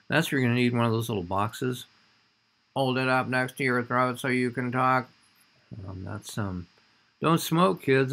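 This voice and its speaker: A man's voice: medium pitch, a bit bright, slightly rough. A man giving a recorded anatomy lecture over slides, talking in a conversational way and often checking in with "all right?".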